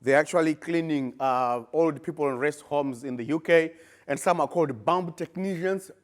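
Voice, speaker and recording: A middle-aged man with a Zimbabwean accent gives a conference research talk, emphatic and animated, his voice rising in bursts as he makes his points. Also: on the high side, moderate pace. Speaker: research presenter.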